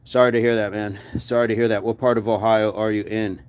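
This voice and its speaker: A man's voice: lowish voice, level tone, fairly quick, clear, resonant tone. An American man hosting a daily fitness livestream, reading out chat comments and cheering viewers on in an upbeat, encouraging way. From United States.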